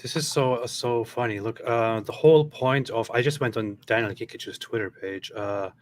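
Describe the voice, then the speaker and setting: A man's voice: mid-range voice, moderate pace. A man hosting casual commentary, heated and scornful, building into indignant outbursts.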